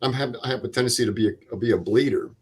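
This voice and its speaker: A man's voice: medium pitch, darkish tone, husky. Older man telling a war story. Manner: plain vivid retelling with quoted dialogue and pauses. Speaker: veteran guest. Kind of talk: interview storytelling.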